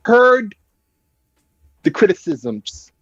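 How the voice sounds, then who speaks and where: A man with a higher voice co-hosting a gaming podcast, giving his opinions at length with many "you know"s. His mic sounds dull and muffled, with no room sound around him. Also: sing-song, drawn-out words, no room sound. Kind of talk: casual gaming podcast chat.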